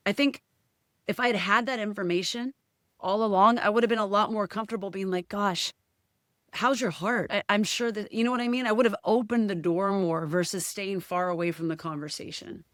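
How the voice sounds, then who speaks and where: A woman's voice: medium pitch, a little fast, no room sound, clean studio sound. A woman guest in a casual podcast chat, speaking candidly and emotionally, often quoting what others said. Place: podcast studio.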